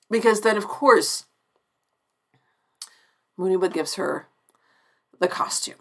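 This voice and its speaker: A woman's voice: medium pitch, takes it slowly, pauses often. A woman around forty hosting a live-stream TV review, effusive and chatty, often restarting her sentences mid-thought.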